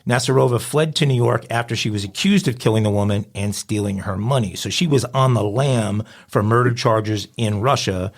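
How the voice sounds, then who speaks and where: A man's voice: lowish voice, moderate pace, hardly any pauses. A man hosting a crime news podcast, reading headlines in a conversational, wry way. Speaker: host.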